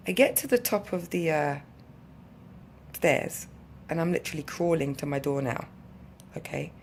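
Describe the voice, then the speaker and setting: A woman telling a story to her vlog viewers in a chatty, animated way, with asides to the audience. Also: on the low side, normal speed, vocal fry, long pauses, slight background noise. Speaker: vlogger. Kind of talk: casual storytelling to camera.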